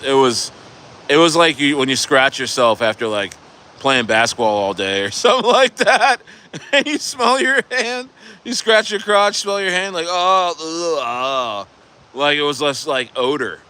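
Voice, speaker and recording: Rambling, bright-voiced male vlogger. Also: mid-range voice, a little hiss or hum. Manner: rambling, profane, many restarts and "bro". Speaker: crypto vlogger. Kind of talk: casual rambling storytelling. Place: vacation condo.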